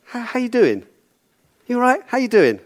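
A man's voice: very high-pitched, sing-song, moderate pace, voice pushed up. A man voicing a breezy male doctor who brushes off an obvious injury with cheerful small talk. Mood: chirpy, dismissive. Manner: chirpy, brushing off.

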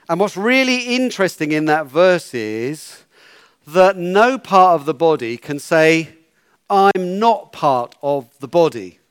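A man's voice: a little high, clear, resonant tone, no room sound, studio quality. A man leading a children's talk in church, playful and coaxing, giving instructions.

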